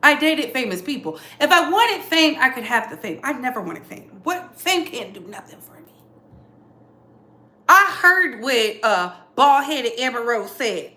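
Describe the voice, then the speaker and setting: A woman's voice: sits high, very animated, measured pace, sharp tone, echoey room. A woman hosting casual celebrity gossip commentary, sassy and emphatic, repeating lines for effect. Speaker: commentary channel host.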